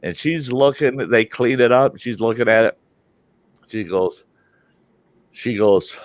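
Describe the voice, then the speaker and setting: A man's voice: on the low side, measured pace, long pauses, lo-fi sound. An older man tells a story casually and animatedly, slipping into the voices of the people he quotes. His voice sounds close and dry, with no room echo. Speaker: storytelling host.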